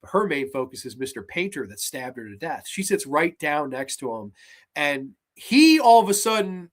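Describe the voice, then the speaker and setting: A man's voice: a little high, normal speed. A man hosting a horror movie show, retelling film scenes casually with lots of swearing and acted-out lines. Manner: animated, profane, acts out scenes in voices. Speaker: horror podcast host.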